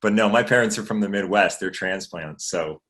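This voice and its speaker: A man's voice: fairly low pitch, normal speed, a bit bright. A man from Maine, a guest actor chatting casually in a livestream Q&A, rambling with fillers and swearing freely. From Maine, USA.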